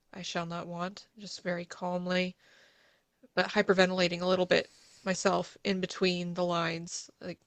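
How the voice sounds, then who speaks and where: A woman playing a tabletop role-playing game who speaks with halting, stammering restarts. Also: fairly low pitch, vocal fry, a bit bright, no room sound. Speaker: player. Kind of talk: in-character tabletop role-play.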